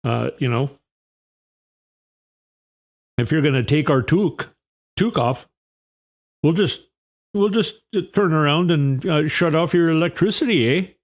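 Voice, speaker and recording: A man's voice: a little high, animated, unhurried, pauses often. Man doing a blunt politician. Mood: defiant. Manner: curt, dismissive. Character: blunt defiant male Canadian politician.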